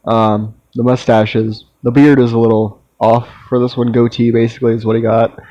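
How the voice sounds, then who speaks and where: A young man talks through his collection in a laid-back, wandering way, often stopping to say um and restart his thought. His voice is warm and mellow. The sound is dry and close, though the recording is a bit dull and lo-fi. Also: medium pitch, normal speed, no echo. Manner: relaxed, meandering, with frequent ums and restarts. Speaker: toy collector vlogger. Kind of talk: casual ranking review.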